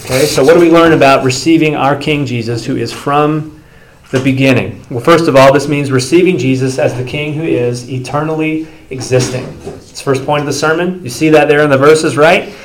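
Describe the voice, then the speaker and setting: A man's voice: a little high, fairly quick, a little hiss or hum, poor audio. Guy pastor giving a sermon, chatty and loose, does the voices when he tells a story. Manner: animated storytelling, acts out quoted speakers; loose and conversational with restarts.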